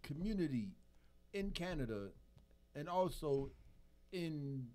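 A man's voice: on the high side, lively intonation, takes it slowly, darkish tone. A man from Chicago's west side co-hosting a podcast, laughing often and arguing his points in casual chat. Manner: laughs a lot, argumentative. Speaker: podcast co-host.

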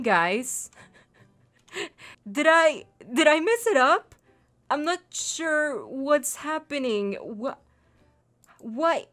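A young woman chatting excitedly through a Let's Play, talking to her in-game pet as she goes. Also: fairly high pitch. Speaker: gaming YouTuber. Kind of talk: casual Let's Play commentary.

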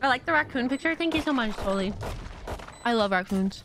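A woman's voice: fairly high pitch, lively intonation, fairly quick, noisy background. A young woman streaming a game, chatting casually and reacting to her chat in a bubbly way. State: out of breath. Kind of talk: casual chat while gaming.

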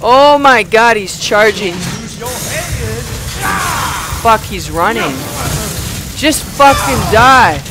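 A man doing loud, excitable let's play commentary, swearing and yelling at the game. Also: high voice, takes it slowly. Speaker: gamer. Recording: music playing underneath.

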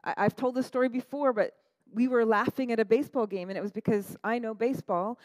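A middle-aged woman pastor delivering a lively, conversational sermon, often tossing in "right?" to the congregation. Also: a little high, fast talker, no echo, low-quality recording. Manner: animated, conversational, frequent "right?" asides.

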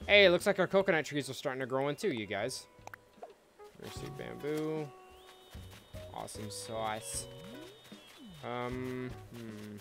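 A man's voice: medium pitch, sing-song, a little slow, vocal fry, pauses often, over music. Laid-back swearing man narrating gameplay. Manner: laid-back, swears freely, chatty asides to viewers. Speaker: let's play host. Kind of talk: casual gameplay commentary.

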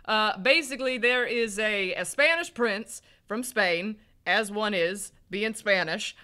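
Man, Southern US accent, bright voice, rambling game commentary, self-mocking. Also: high-pitched, slow pace, clear, resonant tone. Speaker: let's play co-host. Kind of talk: casual gameplay commentary.

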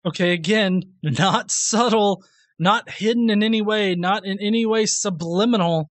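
A man's voice: sits high, moderate pace, background noise. A man hosting a reaction commentary video, sarcastic and profane, laughing often at what he responds to.

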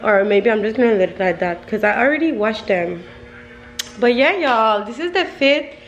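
A woman's voice: on the high side, expressive, moderate pace, lo-fi sound, faint music behind. A young woman chatting casually in her beauty vlog, rambling and often calling out to her viewers. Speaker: beauty vlogger.

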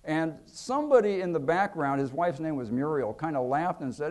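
A man in his fifties, an author telling anecdotes to an audience at a museum event, acting out quotes with lively pitch and volume. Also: moderate pace. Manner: animated, acts out quotes with lively shifts in pitch and loudness. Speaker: author giving a book talk.

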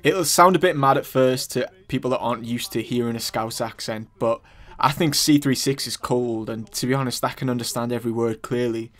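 A man's voice: medium pitch, brisk, few pauses. A young man from Newcastle with a Geordie accent, hosting a music channel in casual, opinionated commentary with filler ums. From Newcastle upon Tyne, England.

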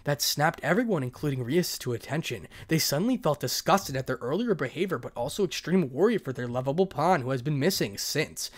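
A man's voice: a little high, lively intonation, fairly quick, hardly any pauses. A man reading a fan fiction story aloud as narrator, dramatic with the odd stumble.

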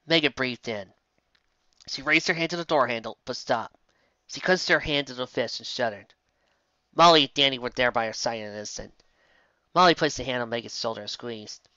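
A woman reading fan fiction aloud in a lively storybook narration with casual asides. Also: rumbling low, brisk, long pauses, no echo. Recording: dull lo-fi dry home recording.

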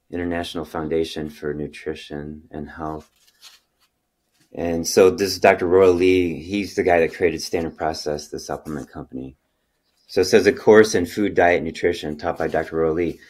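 A middle-aged man with a low, deep voice holds forth in an interview. He explains at length and slips into animated stories that lift with excitement, then drops to quiet asides. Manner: animated storyteller, lively when excited, trailing off into quiet asides. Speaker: chiropractor and health podcast host.

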